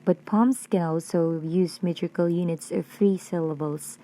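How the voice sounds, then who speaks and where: A woman with a Filipino accent reads a prepared lesson at a slow, deliberate pace. Her voice sits a little low and mellow, recorded dry and close. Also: fairly even intonation. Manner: slow, careful, deliberate reading. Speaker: student presenter.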